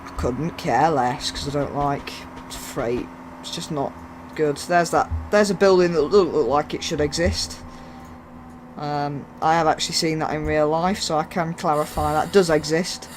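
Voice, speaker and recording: A man chatting through a train game in a loose, joking, self-mocking way. His voice sits a little high. Faint game sounds run underneath. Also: steady tone, normal speed, a little hiss or hum. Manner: rambling, jokey, self-mocking. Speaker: gaming YouTuber. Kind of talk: casual gameplay commentary.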